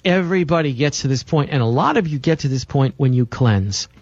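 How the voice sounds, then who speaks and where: A man's voice: mid-range voice, animated, a little fast, darkish tone, no room sound, lo-fi sound. A man hosting a health talk show, lecturing listeners in an emphatic, insistent way with a lot of repetition. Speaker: radio show host.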